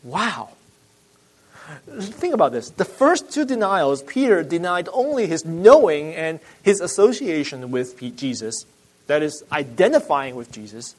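A male pastor explains scripture conversationally, restarting sentences, swelling into urgent emphasis, then dropping to quiet asides. His voice sits on the high side and is very animated at a normal speed, on a rough recording.

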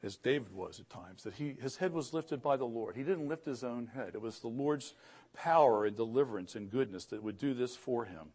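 A middle-aged pastor preaches a sermon earnestly, his mid-range voice a little fast and darkish in tone. He often repeats words and builds emphasis on key phrases.

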